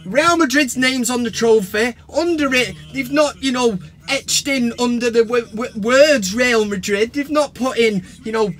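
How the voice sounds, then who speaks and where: An English man hosting a football fan vlog, talking to camera in an animated, sarcastic rant and swearing freely. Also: very high-pitched, measured pace, few pauses.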